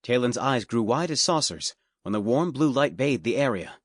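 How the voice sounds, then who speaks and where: A man at medium pitch narrates a fantasy audiobook, reading a script in a steady, deliberate way. The studio microphone gives clean studio sound with no room sound at all.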